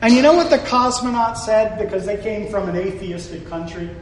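High-voiced male preacher in an echoey hall. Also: brisk, slight background noise. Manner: conversational, jokey asides. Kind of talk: sermon. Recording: echoey hall from far off, faint ambience.

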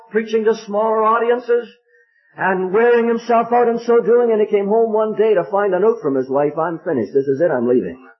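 Older man preaching a fervent, pleading sermon. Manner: fervent, pleading, sweeping pitch swings. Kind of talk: evangelistic sermon. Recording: dull lo-fi recording.

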